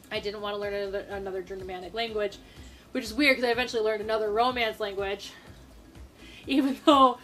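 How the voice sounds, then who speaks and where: A young woman from Minnesota telling a personal story to the camera in a casual, animated way, with quick asides and acted-out quotes. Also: mid-range voice. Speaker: storytime vlogger.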